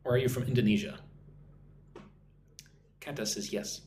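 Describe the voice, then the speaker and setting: A man's voice: mid-range voice, steady tone, moderate pace, a little mellow, a little hiss or hum. An American man in his forties, an English teacher hosting a live-stream lesson, chatting casually as he reads viewer comments aloud and answers them. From United States. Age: 40s.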